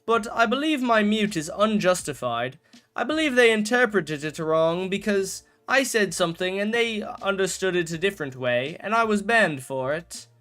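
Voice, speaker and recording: A man's voice: sits high, sing-song, normal speed, a bit bright, soft background music, voice pushed up. A man putting on a British accent to play an overly polite man pleading his case. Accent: put-on British. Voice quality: prim, formal, exaggerated politeness.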